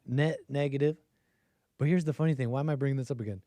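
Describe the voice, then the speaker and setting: A man's voice: medium pitch, fairly even intonation, fast, warm tone, dry recording. An American man hosting a livestream call-in show, talking in a sarcastic, mocking way. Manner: sarcastic, mocking quoted voices.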